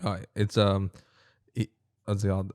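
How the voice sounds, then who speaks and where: A man's voice: on the low side, completely flat delivery, measured pace, darkish tone, no echo, studio quality. A young man co-hosting a podcast, chatting casually, rambling with lots of fillers and freely swearing. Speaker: podcast co-host. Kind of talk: casual chat.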